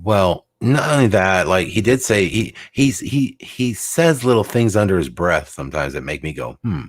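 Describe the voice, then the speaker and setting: A man's voice: low voice, expressive, normal speed, dry recording. A man hosting a casual talk show, rambling with many fillers and restarts as he thinks aloud.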